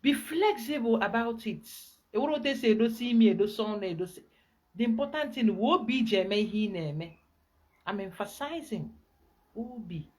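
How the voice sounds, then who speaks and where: A woman with a Nigerian accent, a spiritual guide giving an emphatic, animated teaching talk. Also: fairly high pitch, brisk, husky.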